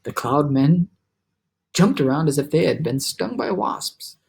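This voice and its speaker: A man reading a children's novel aloud with lively, animated storytelling. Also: on the high side, measured pace, gravelly, breathy edge. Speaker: reader.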